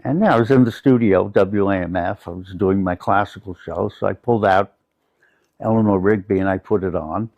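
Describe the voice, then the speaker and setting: A man's voice: low voice, moderate pace, vocal fry, darkish tone, no echo, muffled recording. An older man from the United States, a guest in an interview, telling personal stories in a reflective, anecdotal way.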